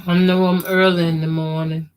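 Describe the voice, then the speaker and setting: Her voice is fairly low and flat in delivery, with a clean tone. She's a quilter running a sewing livestream, stitching quilt blocks and keeping up slow, relaxed commentary as she chats with the viewers she calls "y'all."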